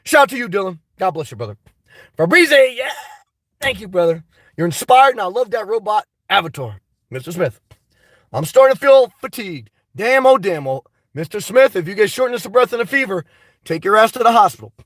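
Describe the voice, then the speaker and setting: A boisterous man talks straight into a close mic on his live stream, reading comments out and answering them bluntly with plenty of swearing. His voice sits high for a man and sounds a touch congested, and the sound is dry with no room echo. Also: big pitch swings, brisk, a bit bright. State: slightly congested. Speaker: vlogger reading live chat. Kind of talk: casual live-stream chat.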